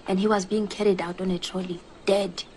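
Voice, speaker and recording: An actress playing an earnest, polite woman with a Botswanan accent, quietly telling her troubles. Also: mid-range voice, flat delivery, fairly quick, slight background noise, natural voice. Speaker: client. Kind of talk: TV drama acting.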